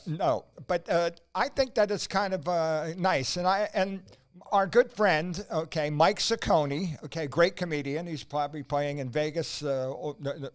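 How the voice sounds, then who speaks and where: A man co-hosting a comedic podcast, opening with a booming game-show announcer style and then bantering loosely with jokes. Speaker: podcast co-host.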